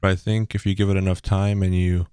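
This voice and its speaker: A young man giving a casual tutorial in a loose, relaxed way with frequent ums, recorded on a bass-heavy broadcast microphone at home. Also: fast talker, clear, resonant tone, no echo, studio quality. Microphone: bass-heavy broadcast dynamic microphone.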